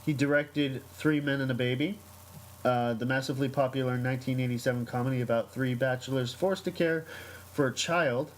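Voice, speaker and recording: A podcast host reads a news item aloud in a mid-range voice, a little fast and with fairly even intonation, hesitating over many ums and uhs before sliding into a loose, chatty story. The delivery is casual and unpolished, and the poor audio carries a faint hum of noise.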